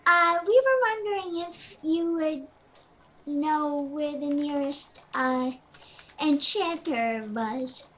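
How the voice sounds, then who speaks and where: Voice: high-pitched, takes it slowly, a bit bright, slight background noise. A player voicing a shy, polite young lady who hesitates often. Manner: hesitant, polite, many ums.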